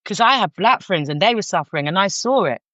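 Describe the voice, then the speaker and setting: A woman's voice: mid-range voice, fairly quick, no room sound. Middle-aged London woman, frank storyteller with lots of restarts, dry and slightly muffled audio. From North London, England. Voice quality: frank, animated, many restarts. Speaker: guest, counsellor. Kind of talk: candid storytelling. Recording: dull lo-fi sound.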